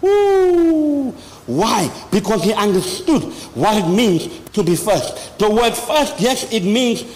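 A man preaching a sermon as an apostle, with sudden loud high bursts and slow emphatic phrases. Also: expressive. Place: large church hall. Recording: long hall reverb, faint noise.

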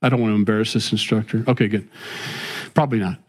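A middle-aged father who hosts faith-based talk speaks fast in a lowish, steady voice. He's casual and earnest, rambling with many restarts before drifting into preaching about faith.

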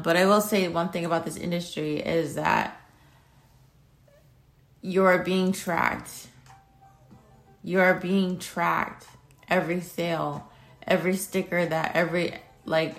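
Blunt young woman with a gravelly voice. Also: on the low side. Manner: blunt, swears freely, rants. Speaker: vlogger. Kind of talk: casual chat. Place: at home.

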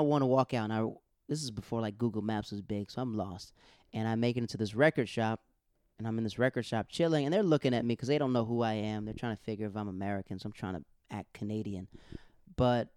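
A young man rambling through a casual monologue, acting out the people in his stories. His voice is smooth and resonant, recorded close and dry with no room sound. He talks in loose runs with restarts. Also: lowish voice, dry recording. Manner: rambling, animated storytelling with quoted voices.

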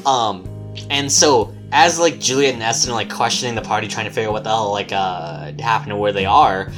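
Low-voiced man rambling through a game recap. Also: fairly quick, music in the background. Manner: rambling, filler-heavy storytelling with casual swearing. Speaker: game master. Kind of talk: casual podcast recap of a tabletop game.

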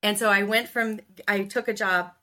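Bright-voiced middle-aged woman from Ohio. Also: medium pitch, normal speed. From Ohio, US Midwest. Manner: animated storyteller who acts out quoted dialogue. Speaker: sales coach and podcast guest. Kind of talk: casual interview storytelling.

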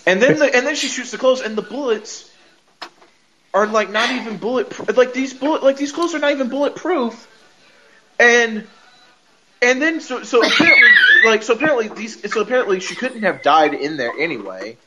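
A man's voice: very high-pitched, lively intonation, moderate pace. A man hosting a podcast, recapping an episode in a rambling, casual way, full of "like," restarts and frequent laughter. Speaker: podcast host. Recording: dull lo-fi recording with faint noise.

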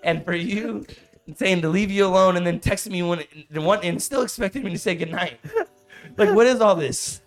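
A man in his thirties co-hosting a casual podcast, telling a story in an animated way, getting loud and worked up, saying "bro" a lot. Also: high voice, moderate pace, soft background music. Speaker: podcast co-host.

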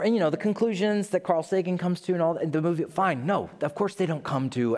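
A man's voice: fairly high pitch, big pitch swings, fairly quick, few pauses, a little mellow. A male pastor preaching a sermon, telling a story with playful asides. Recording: long hall reverb.

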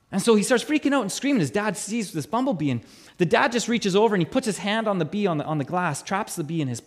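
Man, pastor, sermon, high-pitched voice, emphatic repetition, stammered restarts, voice sinks low for weight. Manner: emphatic, repeats key phrases, voice swells and drops low for weight; frequent restarts and stammered repeats.

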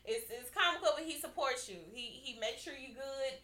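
A woman hosting a podcast in casual chat, reading scripture aloud and talking it over in an animated way, repeating her lines and checking in with her listeners often. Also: sits high, normal speed, roomy sound. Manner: animated and chatty, repeats lines and keeps asking "right?". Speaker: podcast host.

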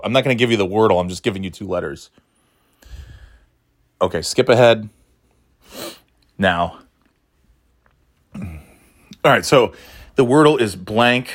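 A man's voice: on the low side, fairly bright tone. A man hosting his own podcast who rambles casually, swears freely and laughs often as he talks. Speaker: podcast host. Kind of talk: casual solo chat.

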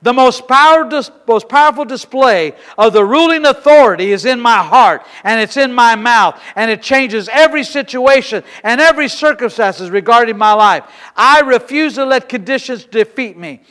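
High, bright-voiced preaching man. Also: expressive, moderate pace, few pauses, big-room sound. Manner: loud, emphatic declarations with congregation. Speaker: pastor. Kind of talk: sermon.

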